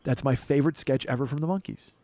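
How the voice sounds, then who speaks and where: A middle-aged man hosting a comedy podcast, rambling through a solo monologue with self-mocking asides and sudden bursts of loud mock-outrage. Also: medium pitch, fast talker, no room sound. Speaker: podcast host.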